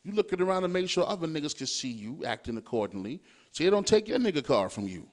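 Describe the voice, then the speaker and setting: Young male podcast host, high and very animated voice, profane casual rant. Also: quick pace. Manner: animated, swearing freely, riffing with rhetorical questions.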